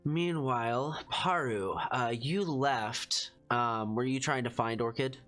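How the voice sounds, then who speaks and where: A man's voice: medium pitch, slow pace, fairly bright tone, faint music behind. A man narrating as game master in a casual, filler-heavy way.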